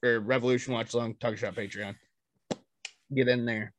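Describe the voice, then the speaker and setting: A man's voice: medium pitch, fairly even intonation, normal speed, no echo. A man hosting a podcast in loose, profane, joking chat while plugging merch. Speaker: podcast host.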